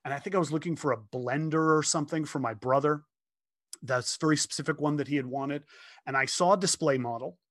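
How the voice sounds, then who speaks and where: A man in his fifties with a somewhat high voice speaks as an interview guest. He tells stories in an earnest, animated way and often stops to restart his sentences. The sound is close and dry. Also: no room sound. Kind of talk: storytelling in casual conversation. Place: home office.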